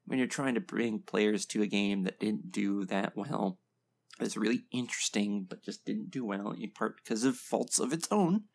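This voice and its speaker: A man's voice: fairly low pitch, normal speed, creaky, a little mellow. A man hosting a casual reaction video, giving blunt, opinionated commentary full of ums and short laughs. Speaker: video game reaction host.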